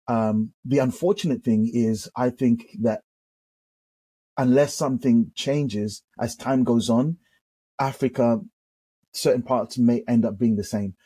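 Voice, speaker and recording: Husky-voiced British pastor telling stories. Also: male voice, mid-range voice, dry recording. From United Kingdom. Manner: animated storyteller with frequent restarts. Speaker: pastor, guest. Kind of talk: conversational testimony.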